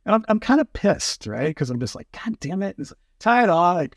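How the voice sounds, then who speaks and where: Animated male podcast guest, dry sound. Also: high-pitched, fairly quick, no echo. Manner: animated, acts out quotes, many fillers. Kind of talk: casual storytelling chat.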